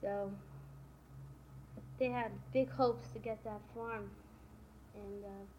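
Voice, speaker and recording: A woman's voice: medium pitch, steady tone, slow pace. A woman casually retelling the plot of a novel, stringing events together with "and then" and "you know". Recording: dull lo-fi recording with faint hiss.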